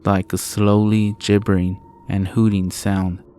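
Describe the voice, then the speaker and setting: A man narrating a first-person horror story in a low, steady storytelling manner, swearing often. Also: a little slow, a little hiss or hum.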